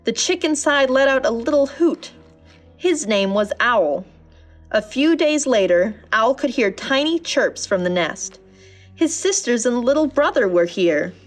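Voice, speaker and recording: A woman narrating a children's storybook in a gentle, measured reading voice. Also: a little high, expressive, soft background music.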